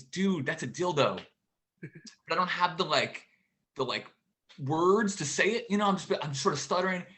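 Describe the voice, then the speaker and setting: A man in his forties doing a stand-up comedy routine from home for a virtual show, with a halting, deadpan delivery and many pauses. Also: fairly high pitch. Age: 40s.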